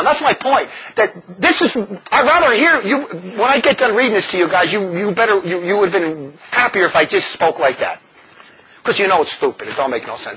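Man, high husky voice, very lively pitch, impassioned religious talk, dull recording. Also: slight background noise. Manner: animated, mocking, with frequent laughs. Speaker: religious brother leading a community.

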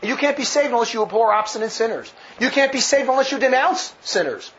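A religious commentator with a very high, bright voice delivers emphatic, sarcastic commentary on a speech a little fast, with lively intonation. He laughs at his own jabs. The recording is dull and lo-fi, with faint noise.

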